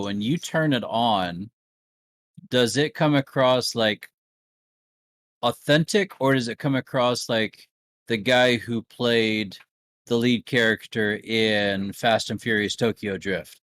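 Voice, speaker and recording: A man co-hosting a casual chat podcast, halting with many fillers and laughing often. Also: mid-range voice, a bit bright, no echo. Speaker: podcast co-host.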